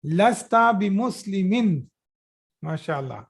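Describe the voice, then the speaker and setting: This man, teaching Arabic grammar live by video call, goes over every phrase slowly and compliments his students' answers. He speaks in a high, expressive voice with a creaky, husky edge.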